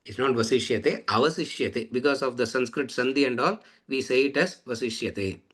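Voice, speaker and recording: Male teacher, mid-pitched, measured lecture style, chants verses slowly. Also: fairly bright tone. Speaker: Vedanta teacher. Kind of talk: scripture lecture.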